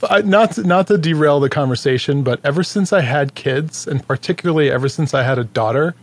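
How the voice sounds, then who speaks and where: A man's voice: a little high, a little fast. A man co-hosting a podcast in casual chat, talking bluntly. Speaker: podcast co-host.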